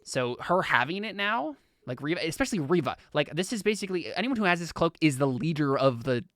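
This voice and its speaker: Rambling young game master, smooth voice. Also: male voice, a little high, very animated, brisk, a bit bright, no echo. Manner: rambling, full of "like" and "um" restarts. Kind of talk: narrating a tabletop game.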